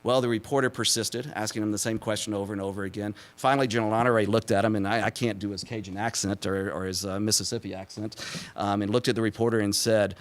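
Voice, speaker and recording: Chatty low-voiced man giving a talk. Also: steady tone, quick pace. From Texas. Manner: self-deprecating, laughs at his own jokes, many fillers. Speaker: symposium speaker, former press secretary. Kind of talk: public talk with anecdotes.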